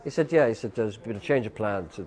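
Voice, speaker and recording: Low-voiced Irish man spinning a yarn. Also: a little fast, darkish tone. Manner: rambling, full of "you know", quotes people in dialogue. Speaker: guest musician. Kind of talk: casual anecdote telling.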